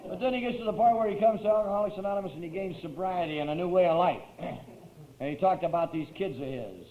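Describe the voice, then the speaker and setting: A man telling his recovery story to a meeting in a folksy, wry way, often clearing his throat. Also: high-pitched, a little fast, long pauses. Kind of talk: personal recovery talk. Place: meeting hall with a crowd. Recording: tinny, roomy old tape recording.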